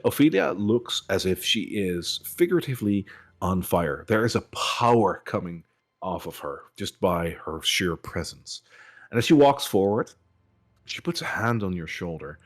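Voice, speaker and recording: A man from the Netherlands, narrating a tabletop game as game master in a relaxed way with many fillers. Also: sits low.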